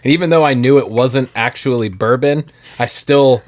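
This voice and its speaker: A podcast co-host with a mid-range voice chats casually at normal speed while tasting a drink. He rambles, laughs often, and trails off before restarting.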